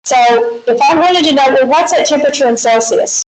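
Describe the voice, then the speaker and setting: A woman's voice: high voice, fairly quick, darkish tone. A woman with a Southern US accent teaching a math lecture, walking through problems step by step with chatty, folksy asides. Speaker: math instructor. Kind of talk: recorded classroom lecture. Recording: echoey classroom with faint hiss.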